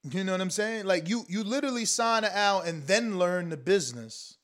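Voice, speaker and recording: High-pitched guy w/ ranting to his stream, slangy, emphatic. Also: brisk. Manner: animated, slangy, emphatic, talks straight to the audience. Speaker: boxing commentary show host. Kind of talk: casual livestream talk reading super chats.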